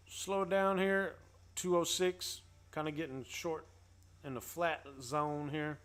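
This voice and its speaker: This is a man with a fairly high voice who hosts a casual trading livestream. He keeps an upbeat, playful tone and drops slangy banter and rhymes as he greets viewers by name. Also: fairly even intonation, slow pace, a bit bright, clean tone. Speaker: host.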